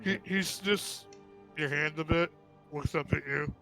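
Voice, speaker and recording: Gravelly man narrating a wolf's actions. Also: on the high side, fairly even intonation, measured pace, bright, forceful tone, faint music behind. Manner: narrates his animal character's actions with a laugh. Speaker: player. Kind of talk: playing a tabletop game.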